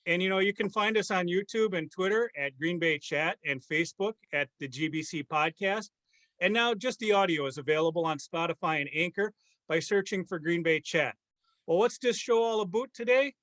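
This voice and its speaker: A fairly high-voiced man from Wisconsin hosts a relaxed podcast chat. He jokes and ribs his co-hosts in a loose, playful way. His voice sits dry and close, with no room sound around it. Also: moderate pace, no echo. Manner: jokey, teasing, drops in mock-Canadian slang. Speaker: podcast host. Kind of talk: casual chat.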